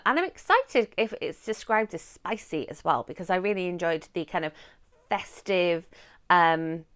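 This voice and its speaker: Chatty woman book vlogger, smooth voice. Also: mid-range voice. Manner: chatty, rambling, bursts into excited squeals. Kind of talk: casual chat to camera. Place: home room.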